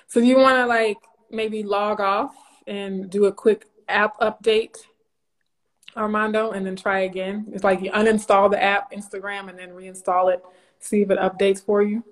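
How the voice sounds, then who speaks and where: A woman's voice: mid-range voice, flat delivery, moderate pace. A woman from Louisiana, hosting a casual live stream. She is bubbly, laughs often and greets viewers by name. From Louisiana, USA.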